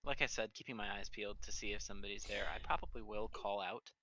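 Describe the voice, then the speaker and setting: Man in a tabletop game, bright tone, relaxed, plans his moves out loud. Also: fairly low pitch, quick pace, slight background noise, low-quality recording. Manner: relaxed, thinking aloud. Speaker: player.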